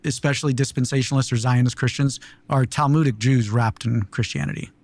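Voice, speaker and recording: A male interview guest who answers in blunt, assertive statements. He holds a steady, even delivery. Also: medium pitch, fairly quick. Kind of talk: interview conversation.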